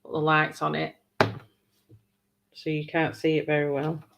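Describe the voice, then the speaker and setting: Slow, giggly woman colouring. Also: low voice, monotone, vocal fry, background noise. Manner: giggly, chatty, laughs a lot. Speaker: colouring livestream host. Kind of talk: casual livestream chat while colouring.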